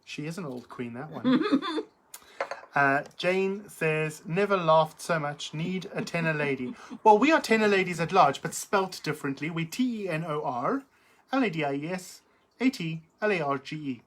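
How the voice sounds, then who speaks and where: A woman's voice: low-pitched, animated, moderate pace. A middle-aged woman hosting a live chat, reading out viewer comments in a camp, theatrical, giggly manner. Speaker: livestream host.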